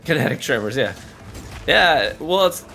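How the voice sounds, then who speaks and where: A man casually commenting on a video game as he plays, chatty and quick to laugh. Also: a little high, vocal fry, faint music behind. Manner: chatty, laughs often, animated reactions. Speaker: gaming streamer.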